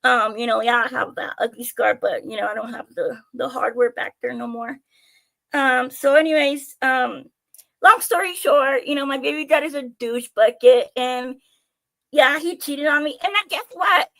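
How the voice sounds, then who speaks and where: A young woman streaming live, telling her own stories in an animated, chatty way with plenty of swearing and jokes at her own expense. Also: high-pitched, moderate pace, gravelly. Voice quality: animated, chatty, swears freely, self-mocking. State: out of breath. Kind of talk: casual storytelling to viewers.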